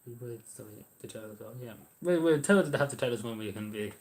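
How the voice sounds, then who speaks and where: A man's voice: mid-range voice, fast, darkish tone. An Irish man chatting casually on a livestream, answering viewers' messages in a rambling, hesitant way with lots of ums and restarts.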